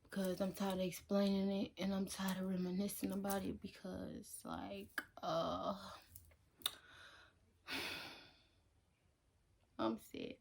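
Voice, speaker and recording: A young woman vlogger from Detroit tells a story straight to the camera in relaxed, slangy talk. She is animated and acts out her own lines. Her voice sits at an ordinary middle pitch. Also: slow, vocal fry, long pauses.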